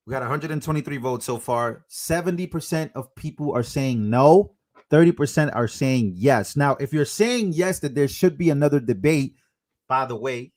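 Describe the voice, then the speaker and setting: A man hosting a political livestream, casual and chatty with quick asides. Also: mid-range voice. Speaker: livestream host. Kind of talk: live commentary stream.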